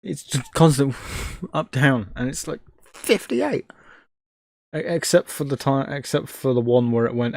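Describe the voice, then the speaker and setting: Male streamer, mid-pitched, dry close sound, exasperated jokey self-talk with swearing. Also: animated, creaky, dry recording. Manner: exasperated, muttering at a slow computer. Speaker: Linux livestreamer.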